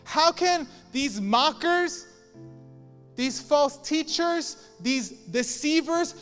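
A man's voice: very high voice, lively intonation, very slow, a bit bright, big-room sound, soft background music. A man pastor preaching a sermon in an emphatic, repetitive style.

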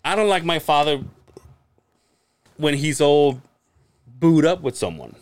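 A man's voice: a little high, a little slow, no echo. A man co-hosting a casual podcast, telling family stories with lots of laughing, swearing and acted-out quotes. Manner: animated storytelling, acts out family quotes, swears, laughs often. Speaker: podcast co-host. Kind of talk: casual chat.

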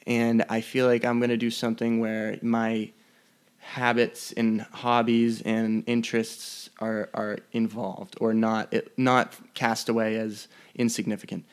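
A man's voice: on the low side, level tone, measured pace, smooth. A young man hosting a podcast alone, rambling in a profane, mock-threatening way. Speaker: podcast host. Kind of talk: casual solo podcast rant. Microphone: podcast mic.

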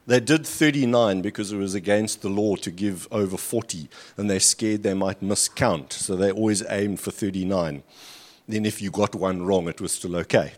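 A man's voice: on the low side, moderate pace. A man preaching a sermon, reading scripture aloud with rising emphasis and breaking off for dry, sarcastic asides. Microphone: handheld or stand mic at a lectern.

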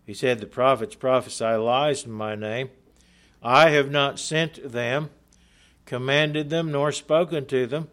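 A man preaching a sermon in a middle-pitched voice. He reads scripture passages and explains them earnestly, leaning on key words and slowing down for emphasis. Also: a bit bright. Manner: earnest, emphatic, slows for stress.

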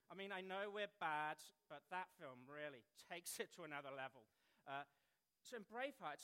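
An English man in his thirties preaching a sermon in a lively, self-deprecating way with jokey asides. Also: high voice. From England. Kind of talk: sermon talk.

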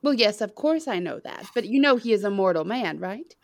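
A woman's voice: mid-range voice, animated, a little fast. A woman playing her character in a tabletop game, polite and lightly theatrical. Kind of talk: in-character role-play.

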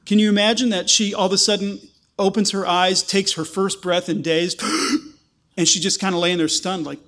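A man with a high voice preaches a sermon. He talks through a passage verse by verse and jumps into quoted lines, acting out the people in the story with lively shifts in his delivery. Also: brisk. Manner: animated, acts out quoted voices.

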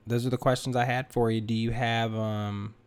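A man hosting a casual interview from his home dining room, speaking in a relaxed way with frequent hesitant fillers. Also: medium pitch, normal speed, smooth. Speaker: podcast host.

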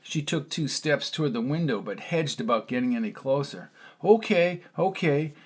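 A man reading a novel aloud as narrator, in a steady storytelling manner. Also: medium pitch, fairly quick, breathy edge. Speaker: audiobook narrator. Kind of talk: scripted narration.

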